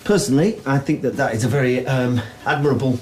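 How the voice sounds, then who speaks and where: A man's voice: medium pitch, fast talker, a little hiss or hum, lightly acted. A man playing a nervous young man who is caught lying, hesitant and stammering in a TV drama. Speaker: soap opera character. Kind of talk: TV drama acting.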